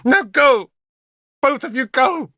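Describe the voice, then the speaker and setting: A man's voice: very high voice, expressive, unhurried, fairly bright tone, no room sound, pitched above the performer's own voice, exaggerated voice. A male narrator voicing a hysterical young queen mother who screams and weeps with spite. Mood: furious.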